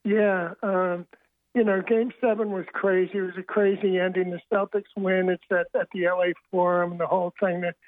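A man's voice: high-pitched, level tone, moderate pace. Older man telling stories over a phone line. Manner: rambling anecdotal storyteller, frequent restarts. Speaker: author and interview guest. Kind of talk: phone-in radio interview storytelling. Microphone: telephone.

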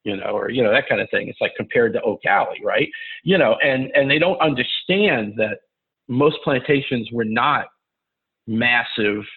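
Husky-voiced male host on a tinny line. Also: mid-range voice, lively intonation, normal speed. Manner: chatty, jumps in with asides. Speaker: interview host. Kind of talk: casual interview talk.

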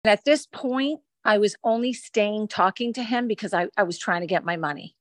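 This victim, a woman in her forties, recounts what happened to her in a loose interview, often starting over and voicing bits of conversation. She speaks at medium pitch and normal speed, with no room sound and faint music in the background.

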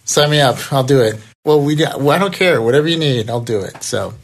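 A man's voice: mid-range voice, animated, brisk. A man hosting a podcast in casual chat, upbeat and laughing often. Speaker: podcast host.

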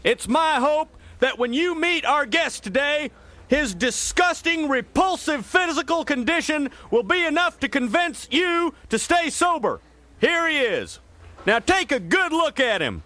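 Barking cartoon gym teacher. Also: male voice, extremely high pitch, sing-song, a little slow, bright, forceful tone, exaggerated voice. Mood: lecturing. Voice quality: barking and disgusted. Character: stern male gym teacher lecturing a class. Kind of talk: cartoon voice acting.

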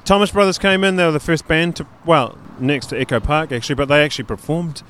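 A man's voice: a little high, steady tone, quick pace, fairly bright tone, a little hiss or hum. A man co-hosting a podcast outdoors on a city street, rambling casually with lots of fillers. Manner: rambling, chatty, many fillers. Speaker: podcast co-host. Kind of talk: casual chat.

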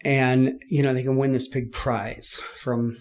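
A man from California, a podcast guest, telling his story in a lively way, laughing often and acting out what people said. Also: mid-range voice, unhurried. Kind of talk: storytelling in an interview.

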